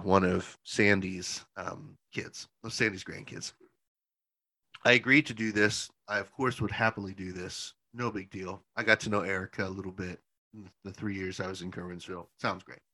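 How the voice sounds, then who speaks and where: A man who works in church leadership, chatting casually and telling animated stories, swearing freely and laughing often. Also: low-pitched, moderate pace, no room sound. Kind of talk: casual chat, storytelling.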